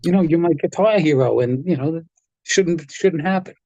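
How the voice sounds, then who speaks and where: A man telling animated stories in a casual interview, acting out the quotes as he goes. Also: fairly high pitch, moderate pace, dry recording, dull audio. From New York area. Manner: animated anecdote teller, acts out quotes. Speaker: guest, guitar tech.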